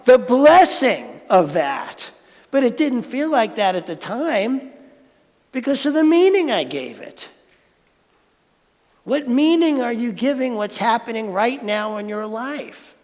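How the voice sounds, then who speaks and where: A man's voice: very high-pitched, big pitch swings, takes it slowly, darkish tone. A man giving a conversational sermon at a spiritual centre, playful and asking the audience questions. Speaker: spiritual speaker. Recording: reverberant hall.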